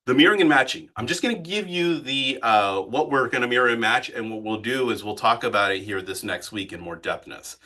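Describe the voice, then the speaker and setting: A man leading a live sales training session as a coach. He talks in an animated way and keeps asking the group questions. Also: mid-range voice, brisk, few pauses. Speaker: real estate sales coach.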